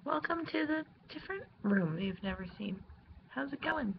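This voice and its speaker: A young woman, hoarse from a cold, chatting casually to her viewers from a room at home, rambling and self-deprecating with lots of fillers. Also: high voice, lively intonation, moderate pace, slight background noise. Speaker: vlogger. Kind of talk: casual vlog chat. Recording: dull lo-fi recording.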